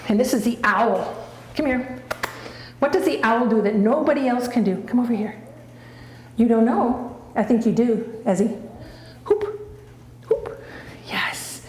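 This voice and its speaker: A woman's voice: on the high side, normal speed, darkish tone. A woman training her dog, chatting casually and giving patient, coaxing short commands. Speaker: dog trainer showing her dog's tricks. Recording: echoey room with faint background noise.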